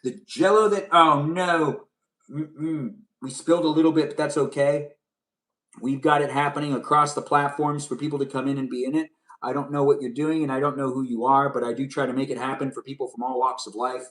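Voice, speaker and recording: A young man chatting casually on a live stream as he makes pudding in his kitchen, rambling and answering his viewers' comments out loud. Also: mid-range voice, steady tone, fairly quick, distant mic. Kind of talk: casual live-stream chat while cooking. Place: home kitchen.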